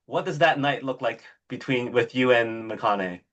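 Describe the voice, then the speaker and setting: A man's voice: medium pitch, steady tone, moderate pace, few pauses, fairly bright tone. A man hosting a podcast interview, upbeat and casual, with filler sounds. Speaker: podcast host.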